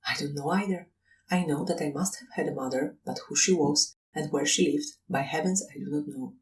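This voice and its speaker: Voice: mid-range voice, a little fast, far from the mic, close to an everyday voice, poor audio. A reader voicing a nervous, evasive young seminary student who protests and pleads, in an audiobook reading.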